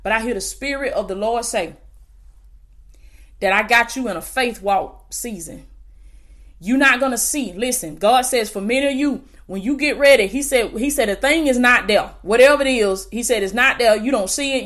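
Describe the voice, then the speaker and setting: A woman's voice: fairly high pitch, normal speed, fairly bright tone. A woman preacher with a Southern US accent delivering a fervent prophetic sermon to camera, often calling her listeners "baby". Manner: fervent, calls listeners "baby", bursts of exclamation.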